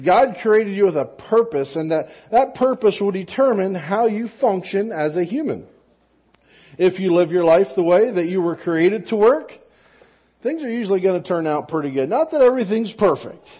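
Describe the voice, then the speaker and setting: A man with a high, husky voice gives a children's sermon in a church, talking casually and checking in with the kids. His delivery is conversational and full of rhetorical questions, and the recording sounds dull and lo-fi. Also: animated, moderate pace. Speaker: pastor.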